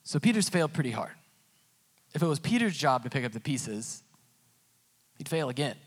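A young male pastor delivers a sermon in a loose, conversational tone. He reads scripture aloud and slips into playful asides, acting out the characters as he goes. His voice sits at an ordinary middle pitch for a man. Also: very animated, moderate pace, breathy edge.

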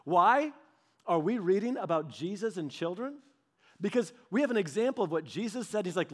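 A pastor with a high voice delivers a casual storytelling sermon at a normal pace. He's animated, acting out the voices of people he quotes, and talks conversationally with fillers like "like" and frequent restarts.

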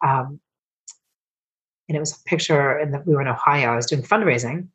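A middle-aged woman, a coach and founder, telling personal stories as a podcast guest, emotional and swearing freely as she rambles with quick restarts. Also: low voice, a bit bright, breathy edge, muffled recording. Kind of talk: candid storytelling interview.

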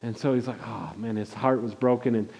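A man's voice: medium pitch, fast, in a large hall. A pastor delivering a conversational sermon, acting out quotes and restarting his phrases often. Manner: conversational, animated, frequent restarts and acted-out quotes.

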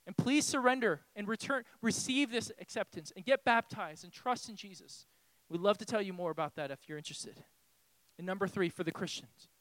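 A man preaching a sermon as pastor in a church, impassioned and pleading, swinging from hushed tones to shouting. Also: high-pitched, fairly quick, no room sound. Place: church hall.

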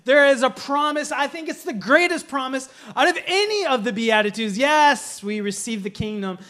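A pastor with a strikingly high, sharp voice preaches to his congregation from the front of the church at a moderate pace. He speaks with earnest emphasis but slips easily into playful, joking asides.

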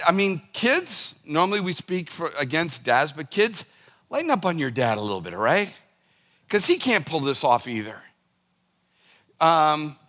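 A man's voice: on the high side, bright, forceful tone. A middle-aged man preaching a sermon to his congregation in a loose, conversational way, with frequent restarts and direct asides. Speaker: pastor.

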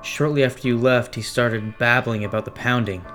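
A man voicing a guilt-ridden male crew chief on a space station in a horror story reading, speaking in a subdued, halting way. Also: medium pitch, fairly even intonation, fairly bright tone, close to an everyday voice. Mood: guilty. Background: music.

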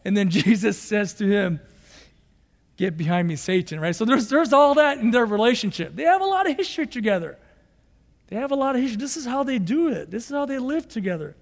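A man's voice: very high voice, sing-song, quick pace, creaky, in a large hall. A man, a pastor, preaching a sermon and acting out quoted dialogue with animation.

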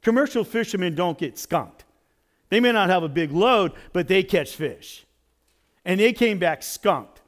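A man pastor preaching a sermon in an animated, conversational storytelling way. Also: high-pitched, unhurried.

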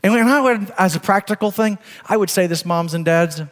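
Middle-aged pastor guy, kinda high voice, preaching then going soft and chatty, big echoey church. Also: a little fast. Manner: emphatic preaching that drops into soft, chatty storytelling. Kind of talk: sermon.

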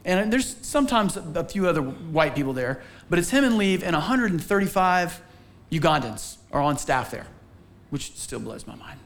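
High-voiced man preaching with animated storytelling. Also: normal speed. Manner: animated storytelling, acts out quotes with sudden pitch jumps. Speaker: pastor. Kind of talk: sermon. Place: church stage.

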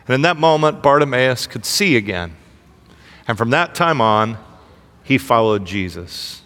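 A man's voice: mid-range voice, animated, normal speed, a bit bright, long reverb tail. A man preaching a sermon with energy, asking the congregation questions as he leads them through a reading. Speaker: pastor.

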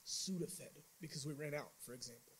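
A man giving a church mission trip report as an informal sermon testimony, telling his story in an animated way with many restarts. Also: on the high side, fairly quick, a little hiss or hum, low-quality recording.

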